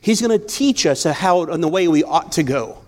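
A man gives a sermon full of personal stories, speaking conversationally and often restarting sentences to correct himself. His voice is a little high, expressive, and a bit mellow, at a normal speed.

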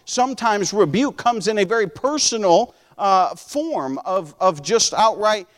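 A pastor with a notably high-pitched voice preaches a sermon in an earnest, animated, conversational way, often restarting his sentences. Whenever he quotes scripture, he slows down and raises his voice.

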